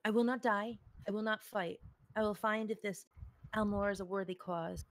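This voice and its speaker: A woman's voice: medium pitch, steady tone, normal speed, close to an everyday voice. A woman voicing a proud, wounded young woman soldier who pleads earnestly for a chance at redemption, in a tabletop game. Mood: earnest resolve.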